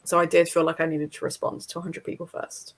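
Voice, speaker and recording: A woman's voice: low voice, little pitch movement, quick pace, vocal fry, a little hiss or hum. A British woman hosting a livestream, chatting casually and reading viewers' comments aloud with frequent laughter. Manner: chatty, laughs often between thoughts. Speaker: livestream host.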